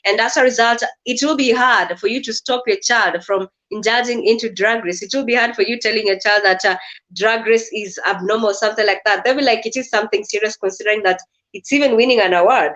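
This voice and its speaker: A woman's voice: on the high side, brisk, fairly bright tone. Hesitant woman on a dull call line. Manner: hesitant, many fillers. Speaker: guest. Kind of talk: casual discussion. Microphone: video call.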